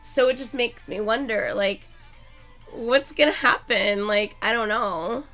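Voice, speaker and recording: A woman hosting her channel in a casual chat with viewers, excitable and gushing like a fan, swearing often and filling her talk with "like.". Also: fairly high pitch, a little slow, faint music behind. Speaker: channel host chatting with viewers.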